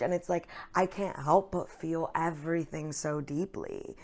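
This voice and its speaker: A woman's voice: lowish voice, fairly even intonation, normal speed, hardly any pauses. A woman, an actress, speaking openly and earnestly about her feelings in a casual interview chat, with plenty of fillers. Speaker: actress, guest.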